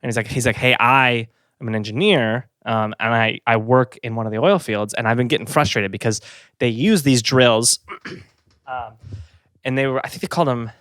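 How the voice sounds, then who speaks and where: A man's voice: medium pitch, normal speed, fairly bright tone, no echo, clean studio sound. A man co-hosting a casual podcast, telling a story with lots of fillers and restarts, a bit out of breath and slightly sick. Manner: rambling, many fillers and restarts, laughs easily. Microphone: podcast mic, pointed down.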